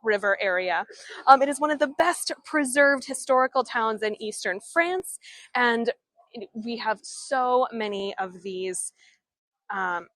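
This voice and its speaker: Leading a live-streamed walking tour through an old town, a woman chats casually and answers viewers' comments while holding her camera. Her voice is fairly high, a little slow and a bit bright, with no room sound. She records on a handheld camera or phone that she turns as she walks.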